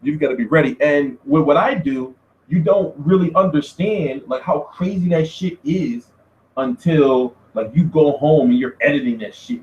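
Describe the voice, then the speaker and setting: High, lively-voiced man in an echoey room. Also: moderate pace, dull audio. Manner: animated, laughing, slangy storytelling. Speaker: boxing media vlogger. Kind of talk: casual profane monologue. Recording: roomy echo.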